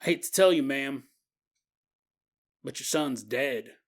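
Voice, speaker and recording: A man's voice: mid-range voice, takes it slowly. A man voicing a chatty small-town male sheriff with an exaggerated homespun drawl. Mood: folksy. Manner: exaggerated southern-style drawl, rambling and homespun.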